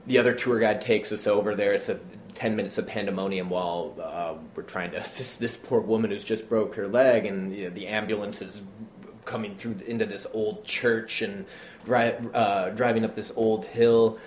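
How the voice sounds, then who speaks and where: Male storyteller, lowish voice, casual and rambling, roomy room tone with light hiss. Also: moderate pace. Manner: animated anecdote-teller, many fillers, acts out quotes. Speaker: playwright and actor, guest. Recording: roomy with faint background noise.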